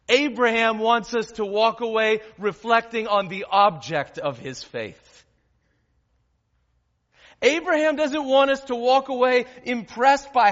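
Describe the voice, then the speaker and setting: A man preaching a sermon as pastor, emphatic, with dramatic pauses and swings from loud to hushed. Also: very high-pitched. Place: church hall with stage. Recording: dull recording in a reverberant hall.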